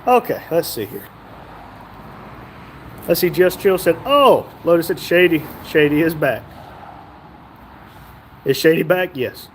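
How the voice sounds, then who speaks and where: A man's voice: fairly high pitch, very animated, a little slow, pauses often, slight background noise. A man hosting a casual livestream, reading viewer comments aloud and joking along. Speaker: livestream host reading chat.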